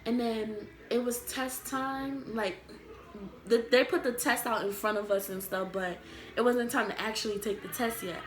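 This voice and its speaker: A woman's voice: a little high, steady tone, normal speed. A young adult woman telling a story from her school days to camera, rambling and full of fillers. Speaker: vlogger. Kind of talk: casual storytime. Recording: echoey room.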